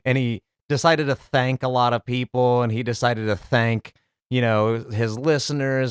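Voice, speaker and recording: A man's voice: mid-range voice, fairly even intonation, moderate pace, clear, resonant tone, dry recording, clean studio sound. A man hosting a comedy commentary show, rambling casually and crudely about clips. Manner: rambling, crude, laid-back.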